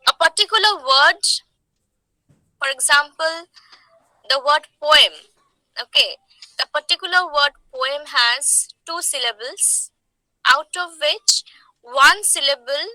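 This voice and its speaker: A high, bright-voiced woman lectures slowly and emphatically, like a teacher walking a class through each point. Her voice is dry and close, with no room sound around it. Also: no echo, low-quality recording. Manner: slow, emphatic, checks in with "okay?".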